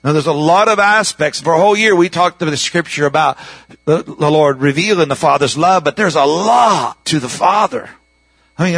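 A man preaching a sermon in a conversational way, often checking in with the congregation and rising higher and louder when he presses a point. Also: husky, no room sound, poor audio. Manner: conversational, repeatedly asking the congregation "Amen?". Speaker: pastor.

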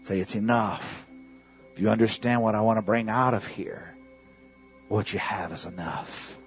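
A man preaching a sermon as pastor of a church, calling out to the congregation for responses and swinging between loud bursts and hushed asides. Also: lowish voice, normal speed, faint music behind.

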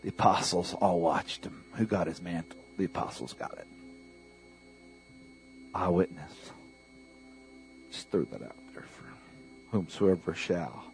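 A man preaching a sermon as pastor of a church, calling out to the congregation for responses and swinging between loud bursts and hushed asides. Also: low-pitched, lively intonation, unhurried, gravelly, long pauses, faint music behind.

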